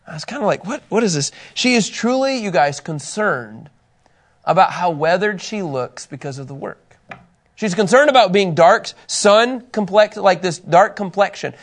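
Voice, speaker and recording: Speaking at a moderate pace in a high-pitched voice, a middle-aged man teaches a Bible class. His style is relaxed and lively, full of personal anecdotes and self-directed laughter.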